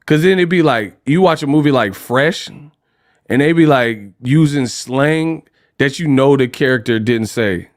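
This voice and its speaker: A man from California hosting a livestream, ranting casually in an animated, slangy, joking way. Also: mid-range voice, measured pace. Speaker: host.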